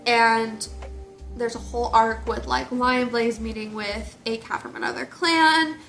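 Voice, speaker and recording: A young woman casually retelling a book series, animated and jokey. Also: a little high, a little slow, faint music behind. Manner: animated, gushing, jokey storytelling. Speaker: book reviewer. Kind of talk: casual chat.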